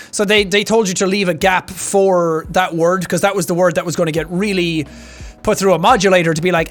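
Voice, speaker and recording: A young Irish man chatting casually on a stream, animated and quick to laugh. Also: high-pitched, faint music behind. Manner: animated, chatty, laughs often, slips into character voices.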